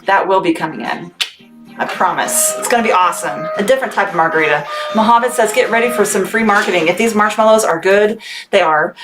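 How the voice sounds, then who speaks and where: With music playing in the background, a woman speaks briskly in a medium-pitched voice. She's a cheerful, chatty small business owner who laughs often, hosting a casual livestream sale for her family business while packing orders in her home workspace. The track has background noise and clicks.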